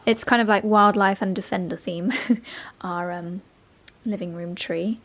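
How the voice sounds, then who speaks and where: A woman's voice: mid-range voice, steady tone, measured pace. A young woman chatting to camera at home, gushing and affectionate as she talks through her day. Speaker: lifestyle vlogger. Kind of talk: casual vlog narration to camera. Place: country home indoors and garden.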